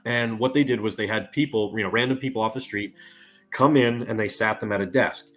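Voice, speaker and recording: A man's voice: on the low side, a little fast, fairly bright tone, soft background music. A man guest on a casual podcast, explaining at length and leaning on "you know" fillers.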